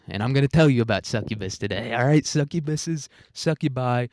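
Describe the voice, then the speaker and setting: A man's voice: medium pitch, lively intonation, fairly quick, few pauses, darkish tone, no echo, studio quality. A young man hosting a solo podcast, rambling and self-mocking with crude humor. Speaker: podcast host.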